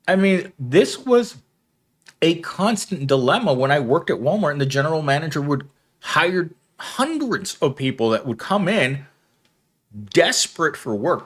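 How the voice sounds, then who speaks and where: A man's voice: fairly high pitch, fairly bright tone, breathy edge. A man, hosting a casual livestream, reading viewer comments aloud and rambling with frequent laughter. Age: 30s. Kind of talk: casual chat.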